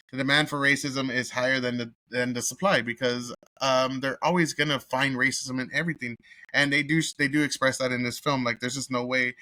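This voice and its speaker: A man from Texas talks through a film review in a blunt, swear-filled rant. His voice is bright and forceful, and the sound is dry with no room echo. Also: mid-range voice. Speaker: movie reviewer host. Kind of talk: casual profane review rant.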